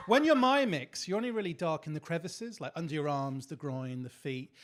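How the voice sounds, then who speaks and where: A man performing a stand-up comedy set on a club stage, delivering quick deadpan punchlines. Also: on the high side. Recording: noisy live club recording.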